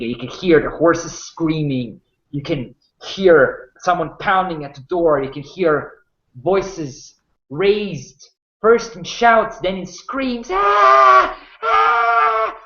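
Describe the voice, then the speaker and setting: A man running a tabletop game, narrating slowly and dramatically with small restarts. His voice sounds roomy and a little dull. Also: mid-range voice. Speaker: game master.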